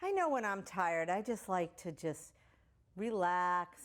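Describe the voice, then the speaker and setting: A middle-aged woman teaching kids' yoga, leading a guided beach visualization with slow, soothing instructions. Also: fairly low pitch, very animated. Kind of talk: guided relaxation for children. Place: indoors at home on a yoga mat.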